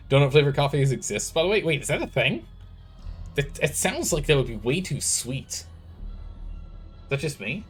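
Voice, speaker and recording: Male streamer, casual chat, reads text aloud, animated pitch, faint music behind. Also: moderate pace, pauses often.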